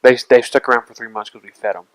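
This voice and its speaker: A man's voice: medium pitch, steady tone, fast, a bit bright, low-quality recording. A young man co-hosting a podcast in casual chat, teasing his friends and slipping into silly voices. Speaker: podcast co-host.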